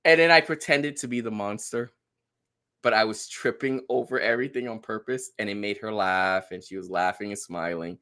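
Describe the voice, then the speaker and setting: A man's voice: lowish voice, moderate pace, clean tone. A man telling a family story in casual podcast chat, acting out the quotes. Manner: animated storyteller, acts out quotes. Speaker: guest.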